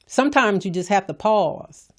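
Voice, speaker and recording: A woman's voice: medium pitch, animated, moderate pace. A middle-aged woman hosting a motivational podcast, talking in an emphatic, preachy way and repeating her points. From California. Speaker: podcast host. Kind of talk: motivational talk.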